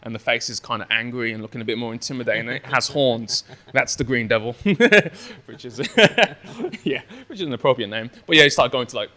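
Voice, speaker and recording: A man, a brewery founder chatting as a podcast guest, telling excitable, rambling stories. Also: medium pitch, fairly quick. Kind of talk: casual chat.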